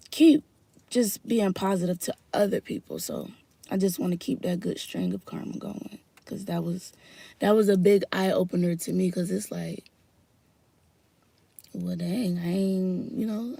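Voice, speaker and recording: Southern woman chatting, gravelly voice. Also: medium pitch, no room sound. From Florida, US South. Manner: rambling, heartfelt, drifts between soft murmurs and loud bursts. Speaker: vlogger. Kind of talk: casual chat to camera.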